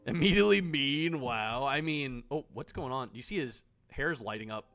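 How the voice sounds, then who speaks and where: A man's voice: mid-range voice, animated, normal speed, fairly bright tone, faint music behind. Sarcastic, jokey male streamer. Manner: sarcastic, jokey, swears often. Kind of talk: casual live-stream commentary.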